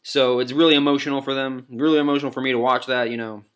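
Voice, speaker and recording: A man's voice: mid-range voice, level tone, fast, fairly bright tone, clean tone. A man talking through a countdown list in casual vlog style, rambling with lots of fillers and casual swearing. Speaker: anime vlogger ranking moments.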